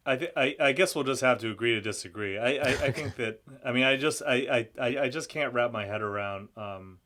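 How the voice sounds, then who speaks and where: A man speaking as a guest in a political discussion, halting and often restarting his sentences. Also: mid-range voice, bright, forceful tone. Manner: halting, frequent restarts and stammered repeats.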